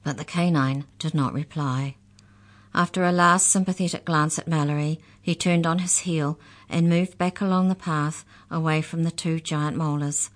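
Low-voiced woman reading a children's story. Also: steady tone, normal speed.

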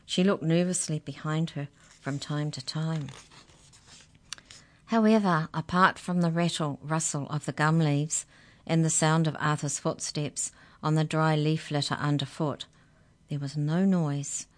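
A woman with a low-pitched voice reads a children's story aloud. Her narration is expressive and gently dramatic. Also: measured pace.

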